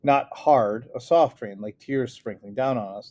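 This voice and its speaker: Dark-toned man reading a novel aloud. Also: lowish voice, moderate pace, hardly any pauses. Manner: earnest storytelling reading with small stumbles and self-corrections. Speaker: audiobook reader. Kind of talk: first-person novel reading.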